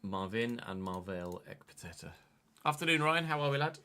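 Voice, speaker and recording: A man streaming a football video game, giving an excitable, sweary running commentary on the play. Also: medium pitch, moderate pace, clear, resonant tone. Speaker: gaming streamer. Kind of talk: live gameplay commentary.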